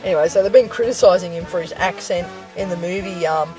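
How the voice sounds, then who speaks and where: A woman's voice: on the low side, quick pace, over music. A woman with an Australian accent co-hosting a podcast, telling stories and giggling while chatting in a moving car. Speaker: podcast co-host. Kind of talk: casual chat.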